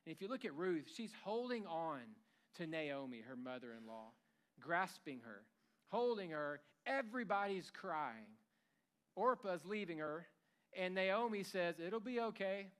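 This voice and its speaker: A man's voice: fairly high pitch, sing-song, a little slow, fairly bright tone. A man preaching a sermon in a church, conversational and humorous, acting out bits of everyday dialogue. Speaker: pastor.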